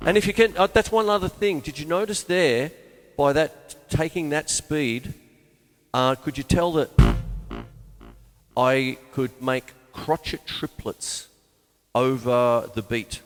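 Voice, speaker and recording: A man's voice: a little high, slow pace. A man hosting a live drum lesson, talking through sticking patterns while he plays. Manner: rambling, explains sticking patterns aloud. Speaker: drum teacher and show host. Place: room with a drum kit. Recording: long reverb, faint music behind.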